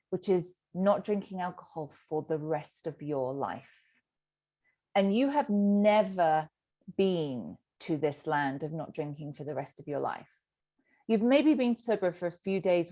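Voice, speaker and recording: A middle-aged woman, a sobriety coach teaching a group session and acting out the inner voice. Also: fairly low pitch. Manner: animated, acts out inner voices.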